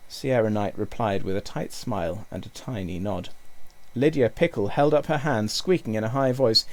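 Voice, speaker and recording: A male teacher reading a children's book aloud with expressive storytelling. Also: lowish voice, moderate pace. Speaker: primary school teacher.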